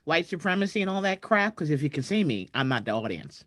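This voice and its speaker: A woman hosting a casual livestream from home, chatting and shouting out viewers over a video call mic. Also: low voice, sing-song, fast, dry recording, clean studio sound. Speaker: host. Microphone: computer mic on a video call.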